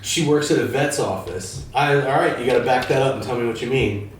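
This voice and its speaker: A man's voice: medium pitch, brisk, slight background noise. A man telling rambling anecdotes in casual chat. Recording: distant mic in a very echoey room.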